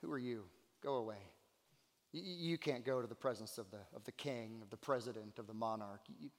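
A man voicing a wary palace gatekeeper who turns visitors away in a hushed, stammering voice, within a sermon. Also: medium pitch, brisk, pitched below the performer's own voice, natural voice. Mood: dismissive. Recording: long hall reverb.

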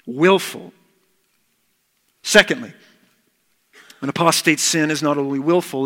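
A man's voice: fairly high pitch, fairly even intonation, normal speed, pauses often, a bit bright, big-room sound. A man preaching a sermon as pastor, earnest and emphatic, repeating key words.

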